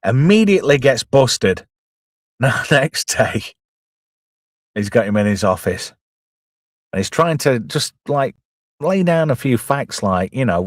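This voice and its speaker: A man's voice: medium pitch, lively intonation, a little slow, long pauses, no echo, clean studio sound. A middle-aged man, giving jokey, casual commentary on a film and reading out chat messages. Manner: chatty, jokey, quotes characters in put-on voices. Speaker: host.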